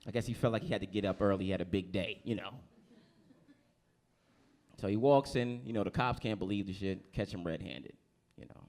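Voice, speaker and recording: Stand-up comic teasing the crowd. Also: male voice, deep voice, fairly quick, long pauses, a little mellow. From New Jersey. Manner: loose, conversational, teases the crowd. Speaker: stand-up comedian. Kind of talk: stand-up comedy set. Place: comedy club stage.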